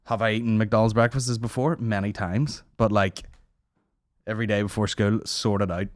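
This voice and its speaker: Into a studio mic, this thirty-something comedy podcast host rambles through a casual rant at a moderate pace, his fairly low voice fairly even in intonation while the sarcasm and swearing never let up. The sound is dry.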